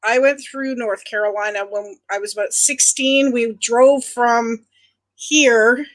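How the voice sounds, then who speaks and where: A woman's voice: fairly high pitch, steady tone, a little slow. A middle-aged woman from Ontario, Canada, hosting a livestream and chatting casually with viewers, greeting them by nickname. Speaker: livestream host. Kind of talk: casual chat with live viewers.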